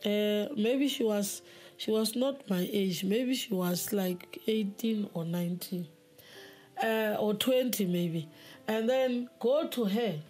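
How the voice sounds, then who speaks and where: A woman giving a spoken testimony in an earnest, halting way, often repeating words. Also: mid-range voice, darkish tone. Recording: faint music behind.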